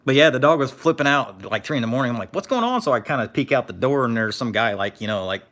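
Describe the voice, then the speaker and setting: This man is a scrapper streamer chatting casually on a live stream, telling laid-back stories, reading chat aloud, and thanking viewers. His voice is mid-range and a bit bright, and he talks quickly.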